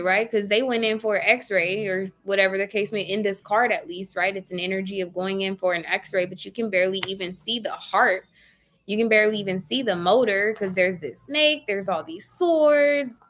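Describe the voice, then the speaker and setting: A woman's voice: medium pitch, fairly bright tone. A woman giving a casual live tarot reading, chatty and blunt, casually swearing and speaking to viewers by name. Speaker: tarot reader.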